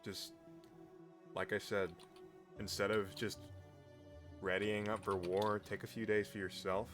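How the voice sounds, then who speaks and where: A man running a tabletop role-playing game as game master, casual and quick to laugh. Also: lowish voice, little pitch movement, fairly bright tone, faint music behind.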